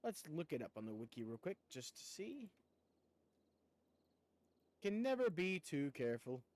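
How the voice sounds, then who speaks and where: A man's voice: a little high, sing-song, measured pace, a little mellow. A man streaming a game, chatting casually with viewers in a rambling way and laughing often. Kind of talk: casual chat while gaming.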